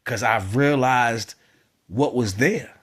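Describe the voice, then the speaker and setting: A man giving a spiritual monologue to his viewers, moving from quiet musing to loud, emphatic exhortation. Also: medium pitch, takes it slowly, slightly rough. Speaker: spiritual vlogger. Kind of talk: preaching monologue to camera.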